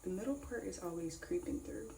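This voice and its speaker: A woman's voice: lowish voice, expressive, brisk, gravelly, mellow, slight background noise. A woman chatting casually to camera in a vlog, rambling and repeating herself. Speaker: vlogger. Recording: roomy echo with faint ambience.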